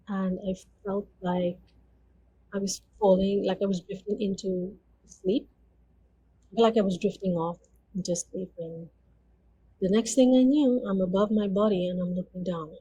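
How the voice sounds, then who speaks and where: A woman sharing her testimony as an interview guest, in a warm, mellow voice. She speaks earnestly and conversationally, often slipping in 'you know' as she goes. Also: mid-range voice, fairly even intonation, measured pace, slightly rough, highs cut off. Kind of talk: personal testimony storytelling.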